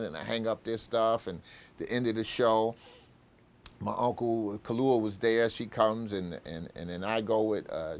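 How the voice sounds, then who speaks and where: Older man telling rambling anecdotes. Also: fairly low pitch. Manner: rambling, full of fillers, acts out old conversations. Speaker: interviewee. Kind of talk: anecdotal interview storytelling.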